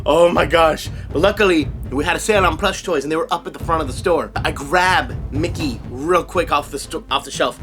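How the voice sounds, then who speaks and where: A man telling an animated, laugh-filled story to camera in a vlog, slipping into character voices. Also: a little high, a little fast, few pauses, music in the background. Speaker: voice impressionist and vlogger.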